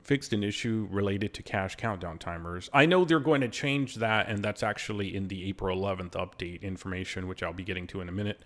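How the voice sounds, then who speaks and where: A man with a fairly low voice reads through game patch notes as casual commentary. He breaks off often for blunt, sarcastic asides, and his diction is slightly slurred. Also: brisk, few pauses, fairly bright tone. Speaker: gaming channel host.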